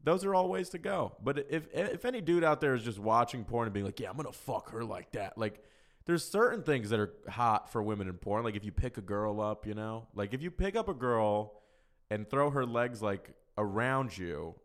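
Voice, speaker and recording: A man's voice: medium pitch, animated, moderate pace. A man hosting a solo podcast, answering listener questions in casual chat, talking frankly and profanely with a rambling, loose flow. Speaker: podcast host.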